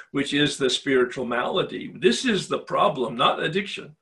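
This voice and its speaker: A man's voice: medium pitch, a bit bright. An older man facilitating a spiritual recovery retreat, telling his own story in a personal, confessional way and posing emphatic rhetorical questions.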